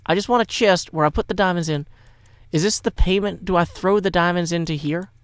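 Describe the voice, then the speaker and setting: A man's voice: sits high, a little fast, no room sound. A man from Tennessee, chatting playfully and wordily over a Minecraft game, with theatrical asides. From Tennessee, USA. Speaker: Minecraft YouTuber. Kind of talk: casual gameplay commentary.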